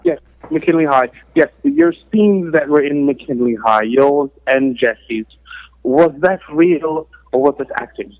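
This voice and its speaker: A man's voice: a little high, brisk, no room sound, close to an everyday voice. A man putting on a pompous posh English gent. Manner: formal, pompous, calls everyone sir. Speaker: caller. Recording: muffled phone line.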